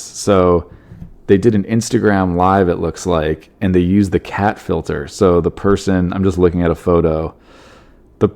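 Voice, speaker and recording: A man's voice: low voice, vocal fry, dark tone. A man hosting a comedy podcast, reading odd news stories with wry joking asides. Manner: wry, joking asides, laughs at his own bits. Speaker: podcast host.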